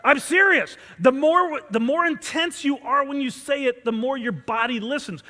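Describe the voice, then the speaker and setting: High, bright-voiced man pumping up students. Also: moderate pace. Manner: intense, urging call-and-response chants. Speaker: martial arts instructor. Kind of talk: motivational pep talk to students. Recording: long reverb from a large hall.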